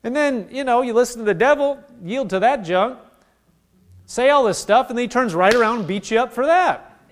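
A male pastor preaching a sermon in a conversational way, acting out little dialogues and dropping to hushed intensity. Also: extremely high pitch, moderate pace. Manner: animated preaching, acts out voices of God and people.

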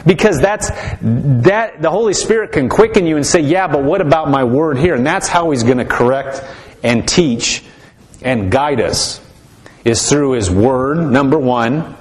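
A man's voice: medium pitch, animated, a little slow, slightly rough. A man preaching to his congregation in a conversational, earnest way, often restarting his sentences. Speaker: pastor. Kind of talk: sermon.

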